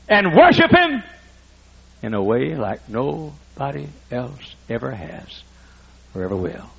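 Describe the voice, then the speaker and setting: A man in his sixties preaching a sermon, emphatic and repetitive as he builds toward shouting. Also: mid-range voice, gravelly, husky, muffled recording. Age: 60s. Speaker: pastor.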